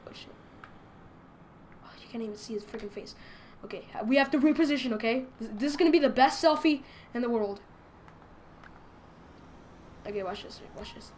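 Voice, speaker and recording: A young woman with a high, light voice talks over her game in a let's play. She is excitable and crude, jokes nonstop and keeps bursting into giggles. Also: brisk, long pauses, a little hiss or hum. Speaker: gaming YouTuber.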